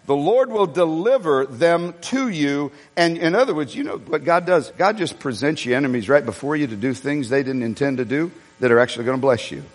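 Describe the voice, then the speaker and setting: Male pastor, high voice, animated storyteller mid-sermon, long hall reverb. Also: a little fast, hardly any pauses. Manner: storytelling, animated, swinging between low asides and raised emphasis.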